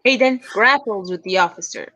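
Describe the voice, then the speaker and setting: A woman narrating the stage directions of a play in a plain, even reading. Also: medium pitch, normal speed, highs cut off. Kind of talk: scripted narration.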